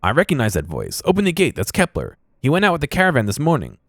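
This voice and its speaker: A man's voice: mid-range voice, huge pitch swings, quick pace, no echo, clean studio sound, voice pushed up. A man voicing an urgent, commanding male officer in a video game. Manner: commanding, insistent.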